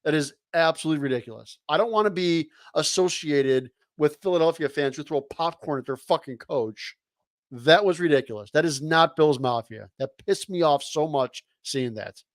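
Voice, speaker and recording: Brief: male co-host, heated fan rant, blunt and profane, slightly high voice, dry sound. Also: normal speed, no room sound.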